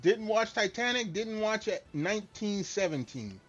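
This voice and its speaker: Middle-aged guy rambling on a game stream, kinda high voice, dull lo-fi mic, faint music behind. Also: lively intonation, normal speed, a bit bright. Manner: rambling, candid and self-deprecating. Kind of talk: casual chat while streaming a game.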